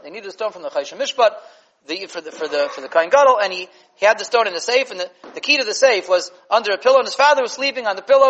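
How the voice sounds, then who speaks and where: A man teaching a Torah lesson as a rabbi, lively and full of fillers and restarts. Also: high voice, low-quality recording. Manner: animated, with many fillers and restarts.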